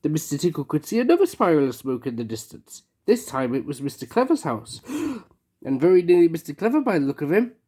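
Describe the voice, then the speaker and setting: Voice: mid-range voice, a little fast, husky. A reader telling a children's picture-book story aloud, gasping for effect at dramatic moments. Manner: expressive, gasps for effect.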